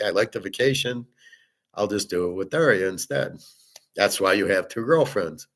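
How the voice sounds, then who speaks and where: A rather low-voiced man talks in a loose, rambling monologue. He is blunt and profane and wanders from one aside to the next, like a show host chatting off the cuff. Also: fairly bright tone. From United States. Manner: blunt, profane, digressive storytelling. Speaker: sports betting podcast host.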